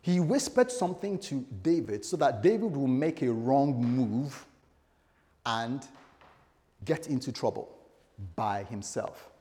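Male pastor, sermon, animated storytelling, long hall reverb. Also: mid-range voice, slow, long pauses. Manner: animated storytelling, acts out quoted voices. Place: church hall.

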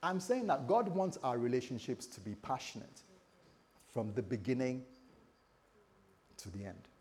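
A man's voice: mid-range voice, animated, a little slow, darkish tone. A man preaching a sermon, joking with a laughing congregation and leading them in prayer. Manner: playful, jokes with the congregation. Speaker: pastor.

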